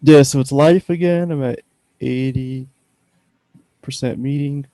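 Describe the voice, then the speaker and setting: A man's voice: medium pitch, a little slow, background noise. A man co-hosting a casual podcast, mostly listening and answering in short replies. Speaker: podcast co-host. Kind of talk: casual chat.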